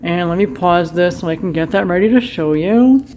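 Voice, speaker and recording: A woman's voice: lowish voice, normal speed, dark tone. Chatty woman showing off a haul. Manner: chatty, wails dramatically over a broken cup. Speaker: vlogger. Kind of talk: casual haul vlog chat. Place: at home.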